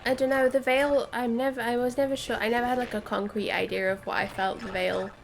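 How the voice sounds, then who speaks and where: Creaky-voiced chatty woman. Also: a little high, fairly even intonation, fast, soft background music. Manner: chatty, rambling, many fillers. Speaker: game stream co-host. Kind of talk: casual chat over a game.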